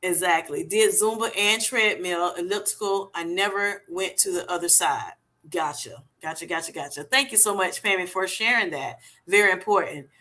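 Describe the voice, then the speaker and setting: Eine Frau mit heller, klarer Stimme moderiert locker einen Livestream. Sie plaudert gesprächig, liest Zuschauerkommentare vor und streut oft "you know" ein. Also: female voice, lowish voice, normal speed, sharp tone. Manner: chatty, lots of fillers like "you know" and "y'all". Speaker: livestream host. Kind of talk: casual livestream chat, reading viewer comments aloud.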